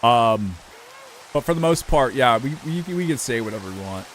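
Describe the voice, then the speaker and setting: A man's voice: medium pitch, expressive, normal speed, a little hiss or hum. Profane young man chatting on stream. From United States. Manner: rambling, loose and profane, talks to chat. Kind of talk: casual live-stream chat while gaming.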